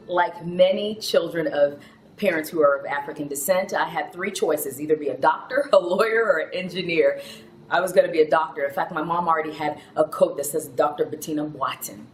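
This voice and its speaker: A chatty, animated woman, a TV news anchor, telling her personal story and laughing often. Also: sits low, fairly quick, reverberant, slight background noise, low-quality recording. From Houston, Texas, with Ghanaian roots.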